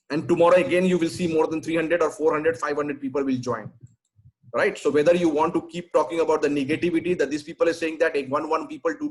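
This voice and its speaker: A man's voice: fairly high pitch, poor audio. A man answering questions in a webinar, blunt and emphatic, often ending with "right?". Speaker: sales trainer answering questions.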